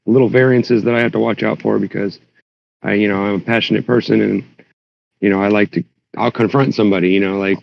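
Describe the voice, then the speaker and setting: A man chatting casually on a voice call, rambling through a story and getting animated when he quotes himself. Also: on the low side, fast, gravelly, dry recording. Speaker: Discord server member. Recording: dull lo-fi voice chat audio.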